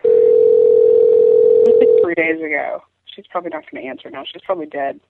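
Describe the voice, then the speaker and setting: A woman's voice: sits low, big pitch swings, moderate pace, vocal fry, very noisy. A tired young woman calling in to a radio show, rambling through a story with lots of fillers. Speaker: caller. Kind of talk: telling a story on a call-in show. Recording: dry, tinny phone line.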